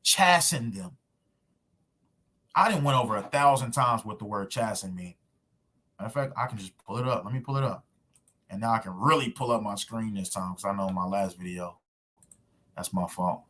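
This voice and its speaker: Emphatic husky-voiced man preaching. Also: on the low side, a little fast, a bit bright. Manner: emphatic, conversational slang, rhetorical questions. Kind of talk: street preaching sermon video. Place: at home recording himself with screen share.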